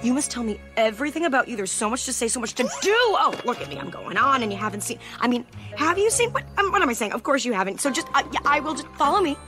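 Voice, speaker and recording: Autumn Blaze, a gushing chatty kirin. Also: female voice, high-pitched, big pitch swings, fast talker, hardly any pauses. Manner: rambling, breathless, gushing. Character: chatty, excitable female kirin creature. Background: cartoon soundtrack music.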